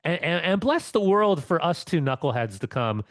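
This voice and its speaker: A man co-hosts a podcast, chatting casually and telling rambling stories full of restarts. His voice is fairly high and a bit bright, with big pitch swings at a moderate pace, captured in a dry, studio-quality recording.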